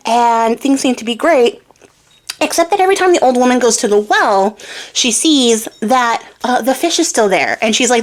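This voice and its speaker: A young woman casually retelling a fairy tale, irreverent and swearing, slipping into quick character voices. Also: a little high, lively intonation. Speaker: storyteller and crafter.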